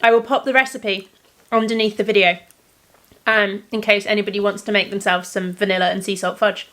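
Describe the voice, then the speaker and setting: A woman's voice: mid-range voice, steady tone, fairly quick, fairly bright tone. A woman vlogger chatting casually to camera in the evening, with lots of ums. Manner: chatty, many ums, laughs often.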